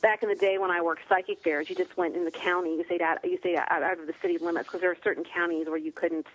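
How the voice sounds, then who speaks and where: A woman author chatting in an interview, telling lively stories and acting out what people said in playful voices. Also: lowish voice, quick pace, a little hiss or hum, rough recording. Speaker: guest author. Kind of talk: casual interview chat.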